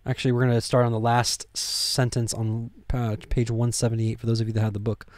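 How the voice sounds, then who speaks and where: A man leading a casual Bible study, talking conversationally with many fillers and restarts, and getting excited at times. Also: mid-range voice, a little fast, no room sound, studio quality.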